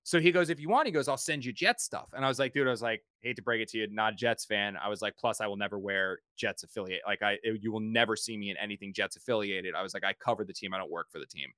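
A man's voice: fairly low pitch, fast, hardly any pauses, bright, forceful tone, no room sound. A man hosting a podcast in casual chat, rambling through stories and repeating his words. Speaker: podcast host and sports reporter.

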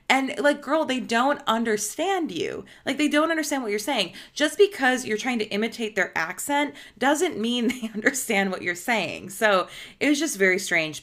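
A woman's voice: mid-range voice, fairly bright tone. A woman hosting a podcast, telling a celebrity story in a chatty, casual way with lots of "like" and laughter. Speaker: podcast host.

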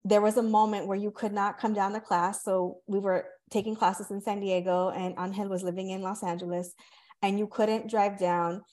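A woman's voice: mid-range voice, normal speed. A woman in her thirties hosting a podcast, chatting casually and acting out the voices in her stories. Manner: animated storyteller, acts out quoted voices, swears casually. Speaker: podcast host. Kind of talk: casual conversation.

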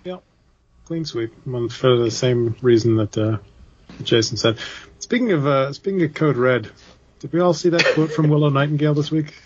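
A man co-hosting a casual podcast, dry and low-key in his remarks. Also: moderate pace, a little mellow, a little hiss or hum. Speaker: podcast co-host. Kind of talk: casual chat. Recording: dull lo-fi audio.

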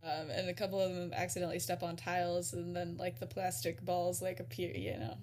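A young woman co-hosting a podcast, casually retelling a story with frequent giggles, lots of "like", and quick acted-out quotes. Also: fairly low pitch, flat delivery, a little mellow, a little hiss or hum. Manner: giggly, peppered with "like", acts out quotes. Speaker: podcast co-host.

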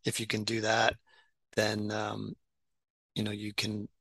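Bright-voiced rambling man. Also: on the low side, monotone, a little slow, creaky, dry recording, rough recording. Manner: rambling, many restarts and fillers. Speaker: doctor and writer. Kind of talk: casual podcast conversation.

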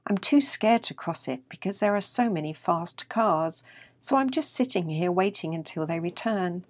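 A woman voicing a gentle, timid young male house cat in a read-aloud storybook. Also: lowish voice, expressive, normal speed, dry recording.

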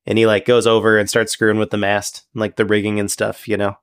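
A man's voice: fairly low pitch, completely flat delivery, fast talker, smooth, no room sound, clean studio sound. A man narrating a tabletop game as game master in a casual, filler-heavy way.

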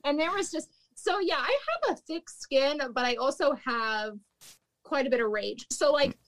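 Her voice sits high and her pace is moderate. Guesting on a podcast, this young recruiter who used to manage a restaurant shares blunt work stories in casual conversation, often swearing and laughing.

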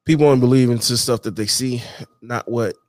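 A man's voice: medium pitch, a little fast, no echo. Guy vlogging, slangy casual talk, keeps saying you know what im saying, dry close sound. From Detroit, USA. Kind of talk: casual monologue to camera.

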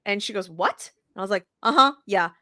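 A woman co-hosting a sports podcast, telling stories in an animated, profane way with lots of restarts. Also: mid-range voice, quick pace, dry recording, clean studio sound. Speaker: podcast co-host. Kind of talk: casual sports chat.

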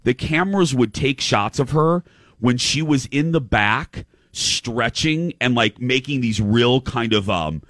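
A man hosting a show in casual chat, telling a story with quick restarts and quoting what others said. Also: mid-range voice, animated, a bit bright, dry recording, studio quality. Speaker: show host.

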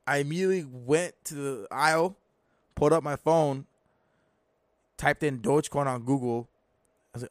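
A man's voice: on the high side, a little fast, pauses often, no room sound, studio quality. A man casually telling a personal story, rambling and self-deprecating, with frequent restarts. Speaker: storyteller sharing his own money story.

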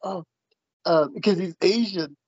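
A man's voice: sits high, measured pace, a little mellow, slightly rough, dry recording. A man chatting casually, stumbling and repeating words and laughing often. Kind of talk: casual chat. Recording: muffled dry sound.

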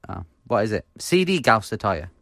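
A man from the UK co-hosting a casual football podcast, talking in a halting way with many fillers and stumbling over foreign names. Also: on the low side, very animated, gravelly, fairly bright tone, no echo, clean studio sound. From United Kingdom. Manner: halting, many fillers, laughs at own mispronunciations. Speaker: podcast co-host.

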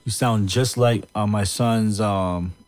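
A man's voice: lowish voice, steady tone, slow, darkish tone. A man co-hosting a podcast, chatting casually and often searching for words. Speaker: podcast co-host. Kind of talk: casual chat.

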